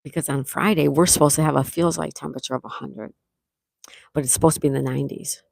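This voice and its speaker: A woman's voice: low-pitched, steady tone, fast talker, gravelly, no echo, clean studio sound. A middle-aged woman hosting a casual outdoor livestream, reading viewer comments aloud and thanking them with sweet exclamations. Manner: soft-spoken with sweet exclamations. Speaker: livestream host. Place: outdoors near calm water.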